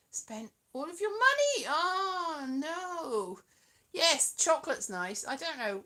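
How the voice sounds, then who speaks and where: British woman, 40s, stream host, bright and sharp tone, loose rambling chat. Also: sits high, very animated, moderate pace. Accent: British English. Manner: rambling, chatty storytelling. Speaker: livestream host. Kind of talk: casual chat with live viewers.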